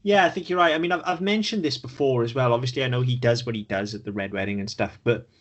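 A man's voice: medium pitch, quick pace, lo-fi sound. A man co-hosting a podcast, chatting casually about a TV episode and swearing freely as he talks. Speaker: podcast co-host. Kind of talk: casual chat reviewing a TV episode.

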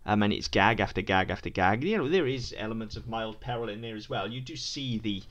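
A man co-hosting a casual podcast in a somewhat low voice. He talks quickly and loosely, stopping and restarting his sentences with frequent ums. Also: fairly bright tone, muffled recording. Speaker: podcast co-host. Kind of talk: casual chat.

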